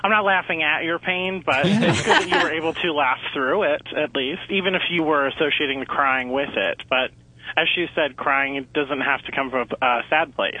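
A male caller with a very sharp, bright voice. He speaks politely and earnestly. His voice comes through a tinny phone line. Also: on the high side, moderate pace.

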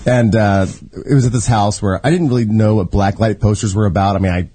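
A man's voice: on the low side, steady tone, a little fast, mellow, husky. A man co-hosting a casual podcast chat, telling a story in a laid-back, rambling way. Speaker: regular co-host.

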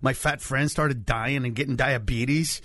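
A man's voice: medium pitch, measured pace, no room sound. A male comedian chatting as a guest on a radio show, telling stories and acting out the people in them. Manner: animated storyteller acting out friends and family. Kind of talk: casual radio chat.

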